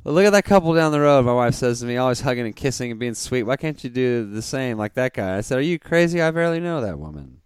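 A man's voice: medium pitch, big pitch swings, fast, hardly any pauses, clear, resonant tone, no room sound. A man co-hosting a podcast in casual chat, reading out dad jokes and often breaking into giggles. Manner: giggly, breaks into laughter mid-joke. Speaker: podcast co-host.

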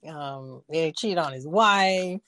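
A woman's voice: low-pitched, takes it slowly, no room sound, rough recording. A woman chatting casually about movies, laughing often and acting out her own reactions. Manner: giggly, animated, acts out her reactions.

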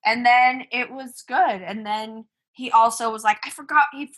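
Bright-voiced chatty woman in her thirties. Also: on the high side, unhurried. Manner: chatty, animated storytelling with many fillers. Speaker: podcast co-host, business owner. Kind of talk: casual chat.

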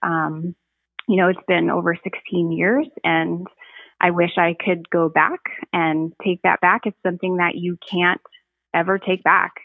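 A woman shares her personal testimony as a guest on a podcast, speaking earnestly and reflectively, pausing often to find her words. Her voice sits fairly low for a woman. It comes over a thin, phone-like line with a dry, close sound. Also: flat delivery, creaky, no room sound.

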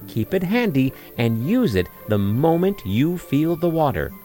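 A man voicing a cunning, quick-witted village shoemaker who talks his way out of trouble. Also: on the high side, very animated, faint music behind, pitched above the performer's own voice. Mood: persuasive. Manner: wheedling and persuasive, cries out loudly when tricking.

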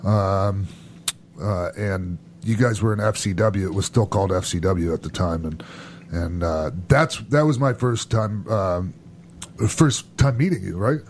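A man's voice: sits low, unhurried, a little hiss or hum. A man hosting a podcast in an easygoing, chatty way. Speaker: host. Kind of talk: casual podcast chat.

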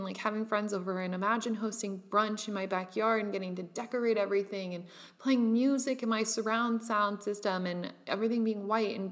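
A young woman with a medium-pitched, somewhat bright voice hosts her own podcast, delivering a casual solo monologue. She talks with animation, uses "like" as filler constantly, and laughs now and then.

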